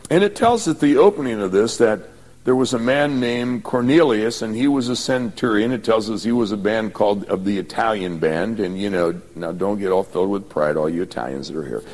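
A man's voice: lowish voice, a little fast, darkish tone. A man preaching a sermon, retelling scripture in a folksy, conversational way with many asides. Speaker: pastor. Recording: long hall reverb.

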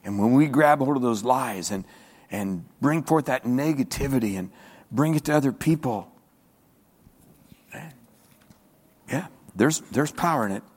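A male pastor preaching a sermon in a church. His delivery swings from low murmuring to high shouting, and he often repeats words. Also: expressive, unhurried, long pauses, big-room sound.

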